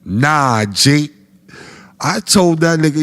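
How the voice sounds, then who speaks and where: A man telling a comic anecdote in a casual, profane, slangy way, getting animated as he goes. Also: mid-range voice, measured pace. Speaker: storyteller guest.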